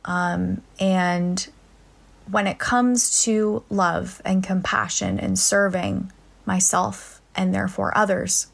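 A young adult woman hosting a reflective solo podcast, soft-spoken and earnest, pausing often. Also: medium pitch, gravelly. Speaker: podcast host.

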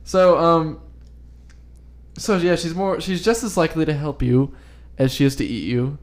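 A man's voice: a little high, normal speed. A man co-hosting a podcast, reading folklore notes in a loose, joking way with lots of fillers and laughs. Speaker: podcast co-host. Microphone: phone.

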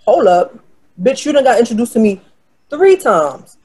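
A woman's voice: mid-range voice, moderate pace, husky. Brash, profane woman from New York; casual storyteller who acts out the quotes. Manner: brash, profane, animated retelling with quoted voices.

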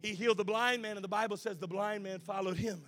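A male pastor. He swings between shouted, sing-song preaching and quiet, conversational asides. Music plays clearly underneath him. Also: high-pitched, steady tone, fast talker. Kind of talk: sermon.

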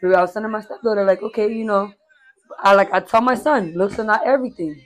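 Fast-talking with a mid-range voice, this woman hosts a casual podcast chat, swearing freely and bluntly as she energetically spins stories. She's an adult with a son and a stepdaughter.

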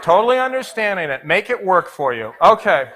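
A man in his forties, a pastor preaching a storytelling sermon, swinging between hushed asides and loud, excited bursts. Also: sits high, fairly quick, slight background noise. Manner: animated, jumps between hushed and loud, acts out voices.

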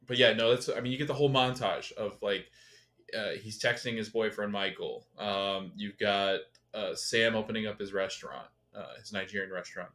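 Animated podcast man retelling scenes. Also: on the low side, normal speed. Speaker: podcast co-host. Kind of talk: casual chat recapping a TV episode.

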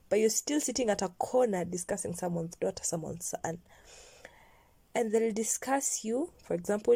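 Young woman, casual vlog chat, warm mellow tone, dry close sound, rambling, slips into whispers. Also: mid-range voice, no echo. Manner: chatty, digressive, drops into near-whispers. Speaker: vlogger. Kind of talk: casual storytelling to camera.

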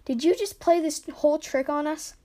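A young girl adventurer from a storybook, quick to exclaim and easily exasperated, as a woman reads her lines. She sits high in pitch and speaks with eager, frustrated energy. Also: expressive.

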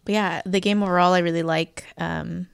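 A woman's voice: fairly low pitch, fairly even intonation, fairly quick, gravelly, smooth, no echo, studio quality. A woman chatting casually about a video game, hesitant, with many fillers. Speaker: co-host. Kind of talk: casual gaming chat.

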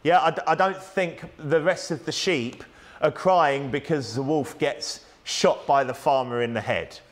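A man preaching a sermon, his voice sitting a little high for a man. He keeps it conversational yet emphatic and keeps asking rhetorical questions. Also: unhurried.

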